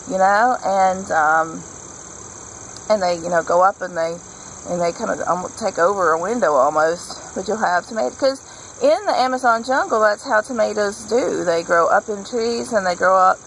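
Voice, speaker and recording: A woman's voice: medium pitch, gravelly, a little hiss or hum, rough recording. A woman vlogger chatting casually and enthusiastically while she works on a patio garden, rambling from one thought to the next. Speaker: homesteading vlogger.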